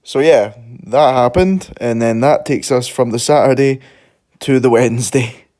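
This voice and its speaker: A young man, a fitness coach vlogging casually to camera, excitable and swearing freely as he rambles through his stories. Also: mid-range voice, unhurried, no room sound. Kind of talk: casual vlog talk to camera.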